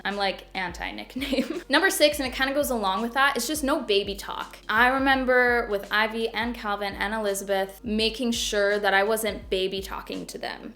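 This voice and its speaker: A woman's voice: mid-range voice, fairly bright tone. A young adult woman, a parenting vlogger, talking casually to camera in an upbeat, chatty way, laughing often but firm when she makes a point.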